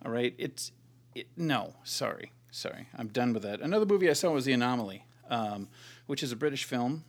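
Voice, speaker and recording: Talking fairly quickly with lively intonation at medium pitch, this man co-hosts a podcast. His casual movie review chat wanders, drips with sarcasm, and is full of profanity.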